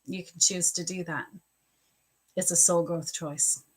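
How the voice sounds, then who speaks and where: A woman's voice: on the low side, fairly even intonation, a little slow, darkish tone, breathy edge. A woman doing a live psychic reading, chatting casually with viewers, greeting them by name and restarting her sentences often. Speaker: psychic reader on a livestream.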